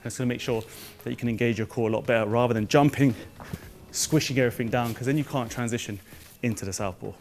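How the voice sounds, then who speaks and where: A man's voice: medium pitch, steady tone, fast, a little mellow. Young man, hype fitness tutor, slightly winded, mid-range voice. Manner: upbeat, hyped, addresses viewers as guys. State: a little out of breath. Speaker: jump rope coach.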